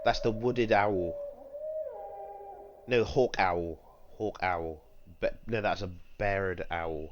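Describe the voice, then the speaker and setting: A man streaming, reacting in casual, excitable commentary. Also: low-pitched, slow pace, long pauses, lo-fi sound, over a noisy crowd. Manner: amused, excited exclamations. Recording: loud background noise and bird calls.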